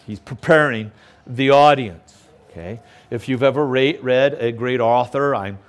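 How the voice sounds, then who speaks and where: A pastor preaching a sermon outdoors by a lakeshore, emphatic and often checking in with the listeners. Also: male voice, mid-range voice. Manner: emphatic, keeps checking in with "okay?".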